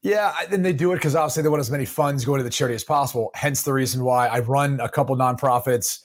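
A man's voice: mid-range voice, fast. Easygoing man co-hosting a sports podcast. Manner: relaxed, joking, drifts into mock voices. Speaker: podcast co-host. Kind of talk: casual sports podcast chat.

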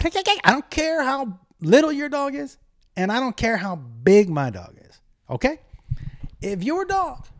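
A middle-aged man telling a comic rant to camera, profane and exasperated as he tells a story. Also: high voice.

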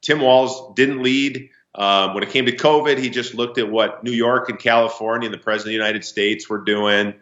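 A man's voice: medium pitch, steady tone, moderate pace, hardly any pauses, a bit bright. A man from Minnesota in his forties, a political candidate speaking as a radio guest in an earnest, folksy way. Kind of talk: remote radio interview. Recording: echoey, dull remote line.

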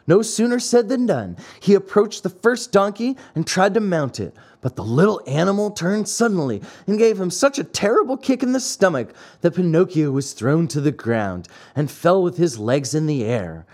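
A man narrating a classic fairy tale with expressive, storytelling flair. His voice is a touch high for a man and swings widely in pitch, rising and dipping through each sentence. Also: normal speed, few pauses.

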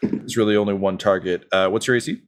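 Relaxed low-voiced game master. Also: male voice, quick pace. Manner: relaxed and rambling, many fillers, laughs easily. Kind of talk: narrating a tabletop game.

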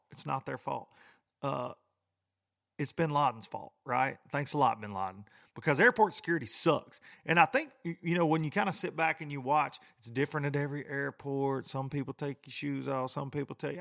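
A man's voice: medium pitch, moderate pace, vocal fry, a bit bright. A middle-aged man, rambling and grumbling in a casual, folksy podcast monologue. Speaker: podcast host.

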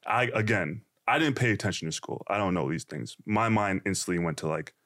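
Young male guest, lower voice, animated storyteller who laughs easily. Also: a little fast. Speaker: podcast guest. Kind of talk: casual storytelling.

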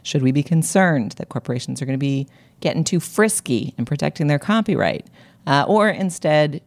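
A woman hosting a culture podcast, talking in a wry, articulate way with frequent filler pauses. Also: rumbling low, vocal fry, darkish tone. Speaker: podcast host.

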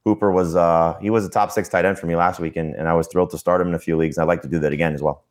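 A man's voice: deep voice, steady tone. A man co-hosting a sports podcast, talking in a loose, rambling way with many fillers and restarts. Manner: quick, rambling, heavy with "you know" and restarts. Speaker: podcast co-host, fantasy analyst. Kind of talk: casual podcast talk.

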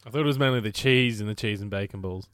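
An Australian man co-hosting a podcast, throwing in quick jokes and interjections. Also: fairly low pitch, fairly bright tone, no echo, clean studio sound. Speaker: podcast co-host. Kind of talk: casual chat.

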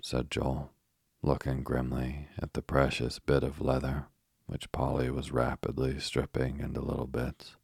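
A man narrating a bedtime story in a calm, unhurried way. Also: very deep voice, gravelly, slightly rough, no room sound, studio quality.

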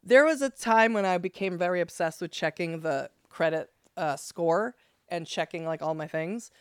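Smooth-voiced woman podcast co-host. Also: on the low side, no room sound, clean studio sound. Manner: emphatic, swearing, quick asides. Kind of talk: casual chat.

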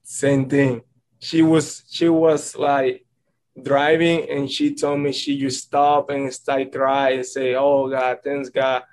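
A man's voice: mid-range voice, flat delivery, slow pace, darkish tone, poor audio. A young man from the Dominican Republic, a baseball player answering press questions earnestly, stringing thoughts together with "and then". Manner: earnest, rambling, repeats "and then".

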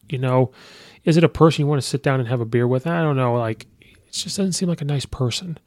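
A sports podcast host weighs coaching records out loud in a casual chat, frequently saying um and you know. His mid-range, darkish voice runs a little fast, picked up by a podcast microphone at studio quality with no room sound.

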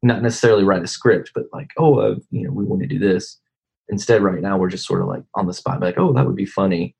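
A man, a guest in a casual interview, talking in a relaxed, rambling way. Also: low voice, fast talker, vocal fry, breathy edge, low-quality recording. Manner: relaxed, rambling, many fillers. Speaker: comedy video maker, guest.

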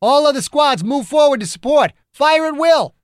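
A man voicing a male military commander who shouts orders in battle. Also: high-pitched, animated, a little fast, no echo, clean studio sound, voice pushed up. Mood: commanding.

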